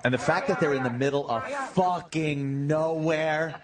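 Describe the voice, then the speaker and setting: A man's voice: fairly high pitch, moderate pace, a crowd in the background. A man hosting a stream, chatting casually and laughing while reacting to a film scene, swearing often. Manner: excited, laughing, swearing a lot. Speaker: stream host. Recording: distant mic with loud clip audio behind.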